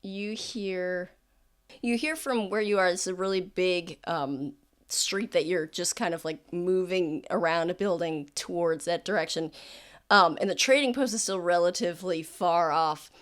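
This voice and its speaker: A woman's voice: on the low side, measured pace. A woman narrating a tabletop game as game master, in a rambling, filler-heavy way.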